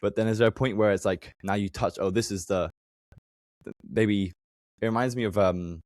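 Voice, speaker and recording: A young man with a very deep voice asks exploratory questions in a podcast, circling his point with plenty of ums and likes. The recording is dry and close. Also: steady tone, moderate pace, darkish tone, no room sound. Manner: tentative, searching questions with many fillers. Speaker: podcast host. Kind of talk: conversational podcast interview.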